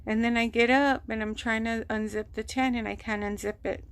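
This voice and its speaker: A woman telling a long personal story on her vlog, rambling and animated, acting out what people said. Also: a little high, brisk, clear, resonant tone. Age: adult, mother of a grown son. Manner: rambling, animated retelling with quoted voices. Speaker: vlogger. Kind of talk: casual storytelling.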